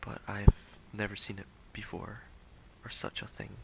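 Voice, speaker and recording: A man voicing a tired old host who speaks in soft, breathy whispers. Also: on the low side, flat delivery, a little slow, low-quality recording. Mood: weary.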